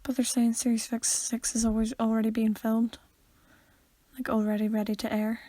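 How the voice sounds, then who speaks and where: A young woman, co-hosting a podcast in animated casual chat. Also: a little high, moderate pace, no echo. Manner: animated, bursts into silly quote voices. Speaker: podcast co-host.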